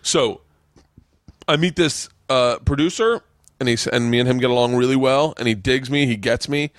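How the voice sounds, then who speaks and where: Animated man telling stories on a podcast. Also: medium pitch, normal speed, no echo, clean studio sound. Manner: animated, acts out quoted voices, swears often. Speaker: podcast host. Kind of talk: casual chat, storytelling. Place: home studio.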